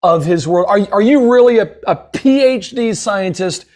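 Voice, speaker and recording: A man hosts a webinar in a notably high voice. He is eager and effusive, and his praise tumbles out with plenty of "uh"s. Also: animated, normal speed, darkish tone. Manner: eager and effusive, with many fillers. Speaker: webinar host. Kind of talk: upbeat guest introduction.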